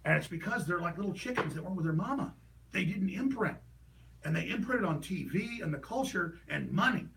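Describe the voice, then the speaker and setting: Gravelly, ranting man, bright and high. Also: expressive, distant mic, slight background noise, rough recording. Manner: ranting, rapid and heated, with sudden shouts. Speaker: political talk show host. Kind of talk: impassioned political monologue.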